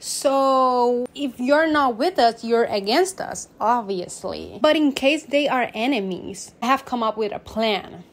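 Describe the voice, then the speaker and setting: A woman's voice: on the high side, expressive, a little slow, hardly any pauses. A young woman vlogger narrating an invented history in a dramatic, playfully over-serious way. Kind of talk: mock-serious comedic history storytelling.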